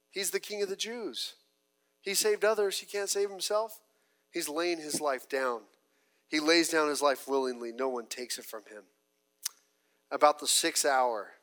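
A man preaching a sermon earnestly, often restarting and apologizing when he loses his place, rising loud, then dropping very soft. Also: medium pitch. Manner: voice rises loud when mocking, drops very soft when reflecting. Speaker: pastor.

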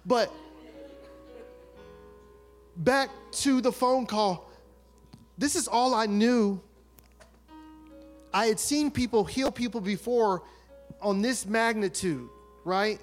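A man giving a fervent testimony sermon, acting out the people in his story and rising to loud, forceful bursts. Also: extremely high pitch, measured pace, long pauses, faint music behind. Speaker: preacher.

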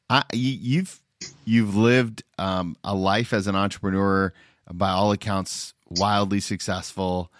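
Low-voiced man hosting a podcast. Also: steady tone, unhurried, no echo, clean studio sound. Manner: warm, searching questions with stumbles. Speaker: podcast host. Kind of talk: interview conversation.

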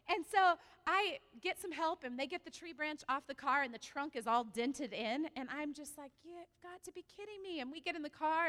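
A woman pastor preaching a sermon, telling a personal story with animated delivery and asking the congregation questions. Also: high-pitched, big-room sound.

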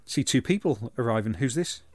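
A man co-hosting a podcast, retelling a comic story in a sweary, animated way. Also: mid-range voice, a little fast, no room sound. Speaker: podcast co-host. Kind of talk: casual comic chat reviewing a comic.

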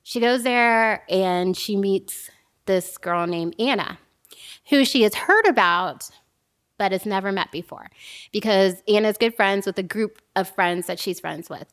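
A woman casually telling a story to a friend on a podcast, animated and laughing often. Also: mid-range voice, unhurried.

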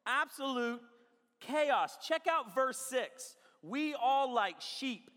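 A man preaching a sermon in a lively, joking way, often checking in with the crowd. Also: very high-pitched, slow pace, big-room sound. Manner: animated, jokey, asks the crowd often. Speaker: pastor. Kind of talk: sermon with storytelling. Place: large church hall.

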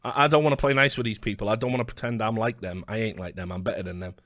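A man's voice: lowish voice, steady tone, rapid-fire, fairly bright tone, no echo. A British man delivering a heated, profane video rant, combative and full of stammered restarts. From Britain. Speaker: online commentator.

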